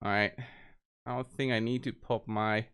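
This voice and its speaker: A man's voice: on the low side, flat delivery, normal speed, fairly bright tone, clean tone. A man giving casual gameplay commentary, walking viewers through each move step by step. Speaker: game video creator.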